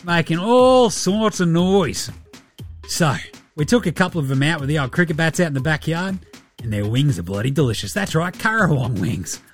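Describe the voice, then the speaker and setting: A man with an Australian accent playing a brash mock restaurant ad pitchman, with hammy salesman patter and broad slang. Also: expressive, normal speed, soft background music, natural voice.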